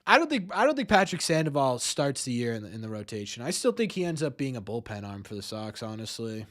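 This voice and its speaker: A podcast host with a mid-range, sing-song, fairly bright voice talks fast on a live-streamed sports talk show. He rambles, repeats words, and ends many lines with "right?"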